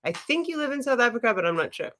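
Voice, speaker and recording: A woman's voice: a little high, very animated, racing, pushed and bright. A woman hosting a casual livestream, chatty and giggly, who swears freely and talks straight to her viewers. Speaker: livestream host.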